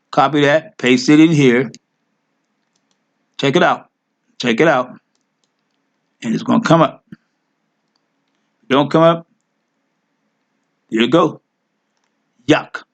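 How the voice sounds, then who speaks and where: A man teaching a Hebrew word lesson, thinking aloud as he clicks through his screen, correcting himself and coaxing his listeners along. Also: on the high side. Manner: addresses listeners as family. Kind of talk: informal screen-share lesson.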